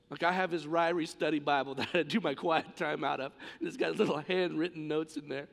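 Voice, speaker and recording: A man's voice: a little high, steady tone, brisk, creaky, few pauses, fairly bright tone. A man preaching a sermon as pastor in a church sanctuary, in an impassioned, emphatic way. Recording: long church reverb.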